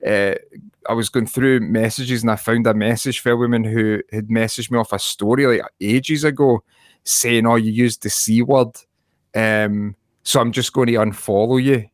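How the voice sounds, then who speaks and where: A man's voice: mid-range voice, steady tone, normal speed, no room sound, studio quality. A man co-hosting a podcast in casual chat, sweary and rambling, laughing often. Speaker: podcast co-host.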